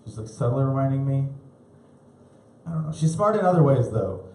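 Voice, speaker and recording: A man in his thirties doing live stand-up comedy on a club stage, rambling and self-deprecating, with halting restarts. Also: mid-range voice, expressive, darkish tone. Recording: roomy live club recording.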